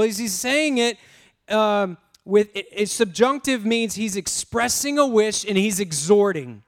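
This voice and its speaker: A man preaching a lively sermon, prompting the congregation to repeat words and talking in a casual, self-interrupting way. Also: very high-pitched. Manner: energetic, call-and-response with congregation. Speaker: pastor.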